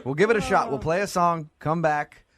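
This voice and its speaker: A man's voice: fairly high pitch, moderate pace, over a noisy crowd. A man hosting a radio show, teasing and playful as he chats with a caller. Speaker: radio host. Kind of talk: morning radio banter. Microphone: studio microphone.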